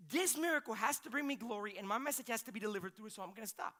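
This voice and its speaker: Guy doing an insistent teacher saying no no no, bright firm voice. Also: high voice, lively intonation, rapid-fire.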